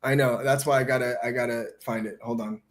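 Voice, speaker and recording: A man's voice: mid-range voice, steady tone, a little fast. A man hosting a casual livestream, talking loose and slangy with frequent swearing. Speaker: livestream host.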